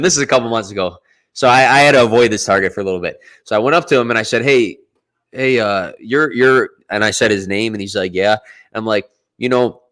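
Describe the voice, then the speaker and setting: A podcast host with a lowish, fairly bright voice rambles through stories on a casual show, playing out the conversations in character.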